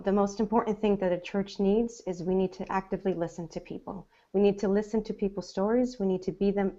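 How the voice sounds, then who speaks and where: A woman with a mellow, mid-range voice speaks on a panel. She is earnest and emphatic, stacking up parallel phrases. The audio is muffled. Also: mid-range voice. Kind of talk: panel discussion.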